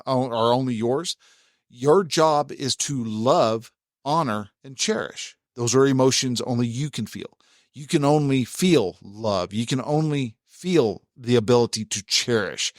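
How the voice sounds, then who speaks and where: A man's voice: mid-range voice, no room sound, studio quality. A man talking casually as a relationship advice host, folksy and full of restarts, acting out what a spouse might say. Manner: conversational, many restarts, acts out quoted spouse lines.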